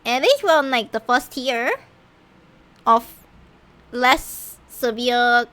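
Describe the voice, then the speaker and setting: A woman's voice: fairly high pitch, takes it slowly. A woman streamer giving casual, giggly commentary while playing a game, often stumbling and restarting her sentences. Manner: animated and giggly, with frequent stammered restarts.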